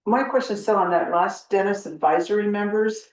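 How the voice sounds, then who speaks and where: A meeting chair running discussion in a brisk, facilitating way and asking for questions and comments. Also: mid-range voice, roomy sound, distant mic, low-quality recording.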